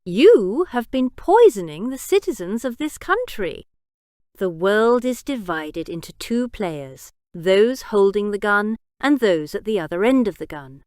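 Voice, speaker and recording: A woman voicing a cold, deliberate vigilante avenger. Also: mid-range voice, sing-song, darkish tone, no room sound, clean studio sound. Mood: menacing.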